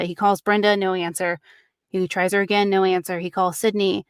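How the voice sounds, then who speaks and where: A woman hosting a true crime podcast, retelling a case casually with many fillers and quick acted-out quotes. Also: medium pitch, level tone, clear, resonant tone, no room sound, clean studio sound.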